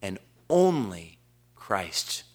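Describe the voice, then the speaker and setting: A man preaching a sermon, quoting scripture in a measured cadence and building to slowed, emphatic declarations. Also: low voice, very animated. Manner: impassioned preaching. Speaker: pastor.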